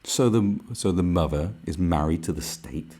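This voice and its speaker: A man hosting a podcast, delivering a profane, animated ranting monologue and mocking other people's voices. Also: low-pitched, normal speed. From United Kingdom. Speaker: podcast host.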